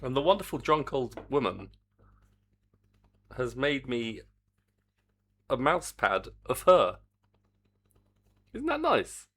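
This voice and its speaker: Game developer type, middle-aged man, gravelly voice with a lively swing, grumbles half to himself in casual stream chatter. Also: medium pitch, slow pace, pauses often. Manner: muttering, grumbling asides to himself. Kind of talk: casual live-stream commentary.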